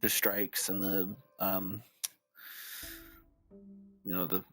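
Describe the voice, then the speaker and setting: A man's voice: deep voice, level tone, extremely slow, a bit bright, soft background music. A man streaming a video game, chatting in a rambling, musing way as he plays. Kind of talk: casual gameplay commentary.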